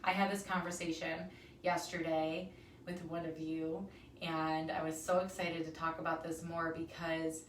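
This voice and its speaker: A woman's voice: lowish voice, a bit bright, slight background noise. Chatty woman speaking on a roomy live stream. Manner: chatty, emphatic, frequent ums. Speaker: wellness talk host. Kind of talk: casual live talk to viewers. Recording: roomy echo, somewhat far from mic.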